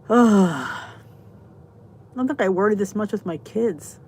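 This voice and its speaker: A woman's voice: medium pitch, expressive, slow pace, a little mellow, a little hiss or hum. Chatty woman hosting a live stream. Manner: chatty, rambling, often breaks off to say good night to viewers. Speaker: host of a live stream chat. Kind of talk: casual live-stream chat.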